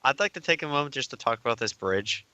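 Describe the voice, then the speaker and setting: A man's voice: medium pitch, animated, fast, sharp tone, lo-fi sound. A young man co-hosting a podcast, asking wry questions in casual chat. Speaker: podcast co-host.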